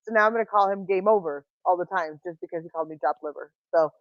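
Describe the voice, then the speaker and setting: A woman hosting a livestream, talking in casual chat and telling rambling, animated stories full of restarts. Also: on the low side, fast talker, no room sound, muffled recording. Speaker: livestream host.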